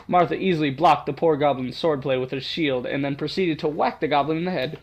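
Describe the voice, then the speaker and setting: A man's voice: a little high, a little fast, few pauses. A gaming YouTuber reads a visual novel aloud and jokes about it. He stumbles through the narration and teases himself for it. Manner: self-mocking, stumbling over reading. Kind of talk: let's play narration and commentary.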